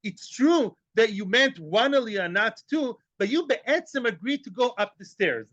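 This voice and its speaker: A man's voice: extremely high pitch, expressive, a little slow, fairly bright tone, no echo, muffled recording. A man giving a Talmud class, joking as he goes, asking rhetorical questions and dropping in Hebrew and Aramaic terms. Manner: rhetorical questions, repeats phrases. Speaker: Talmud teacher.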